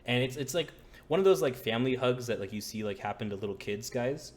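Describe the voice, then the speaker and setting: A man's voice: mid-range voice, quick pace. A man narrating a tabletop game as dungeon master, laid-back with lots of fillers.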